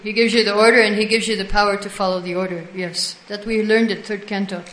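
A woman's voice: mid-range voice, fairly even intonation, fast talker, fairly bright tone. A woman teaching a devotional class, retelling stories with quoted dialogue and answering listeners. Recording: echoey room.

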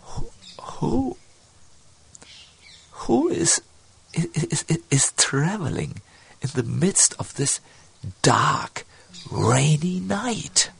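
A drowsy, scornful washerwoman in a told story, put on by a male storyteller, her voice pitched high, stammering and wavering, with gravelly fry and a husky edge. She sounds half-awake and wondering. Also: wildly swooping pitch, drawn-out words, pauses often, fairly bright tone, full character voice.

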